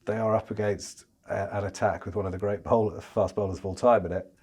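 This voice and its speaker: Animated, stammering male cricket pundit. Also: fairly low pitch, brisk, breathy edge. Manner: stammering restarts, animated and chatty. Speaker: chief cricket correspondent. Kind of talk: casual podcast discussion.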